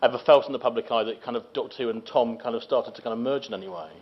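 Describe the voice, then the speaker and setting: A male interviewer talks in quick bursts and stumbles over repeated words while shaping his questions. The recording sounds muffled and lo-fi. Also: mid-range voice. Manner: halting, stacks repeated "and" as he gathers questions. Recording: dull lo-fi recording.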